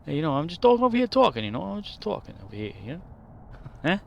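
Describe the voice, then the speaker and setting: A man doing a brash, pushy Boston tough-guy voice with a Boston accent, talking fast and needling. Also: on the high side, very animated, gravelly, dull audio, a little hiss or hum, pitched above the performer's own voice. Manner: rapid, needling, repeats "huh?".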